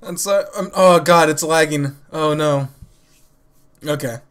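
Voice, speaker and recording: A man's voice: measured pace, fairly bright tone. A man hosting an anime reaction video, talking casually, swearing and laughing often. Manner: laughs often, swears freely, breaks into high-pitched laughter. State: laughing to tears. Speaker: anime reaction channel host.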